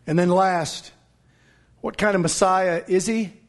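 High-voiced pastor preaching hard. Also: male voice, steady tone, measured pace. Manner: emphatic, scornful, bursts into shouts. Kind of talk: sermon.

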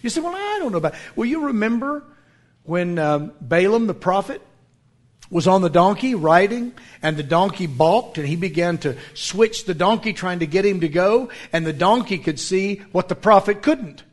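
A middle-aged man preaching a sermon, swinging between loud dramatic lines and hushed, slow asides. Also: high voice, animated. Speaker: pastor.

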